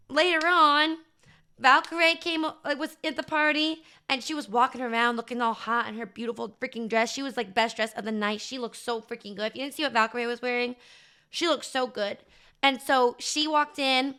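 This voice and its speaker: A woman's voice: a little high, a little fast, a bit bright, smooth. A young woman streamer chatting casually to her live chat, bubbly and gushing, with lots of fillers.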